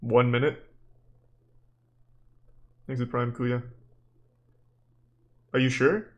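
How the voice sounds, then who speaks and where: A young man streaming live, chatting casually with viewers in a deadpan, exasperated way, swearing freely. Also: medium pitch, extremely slow, lo-fi sound. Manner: deadpan, profane, exasperated rants at chat.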